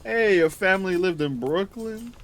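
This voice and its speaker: A man's voice: high voice, animated, moderate pace, voice pushed up. A man voicing an eager, slightly flustered young male detective in a storybook reading. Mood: curious.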